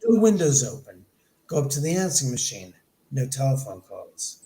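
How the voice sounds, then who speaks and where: A middle-aged man from Los Angeles, a podcast guest, telling a story in an animated way and acting out the people he quotes. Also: mid-range voice, normal speed. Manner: animated, acts out quoted dialogue. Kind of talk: storytelling in an interview. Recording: echoey room.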